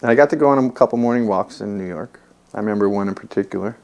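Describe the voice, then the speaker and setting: A man's voice: fairly low pitch, quick pace, a little mellow. A man telling casual anecdotes about his spiritual teacher, chatty and laughing as he goes. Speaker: devotee recalling memories.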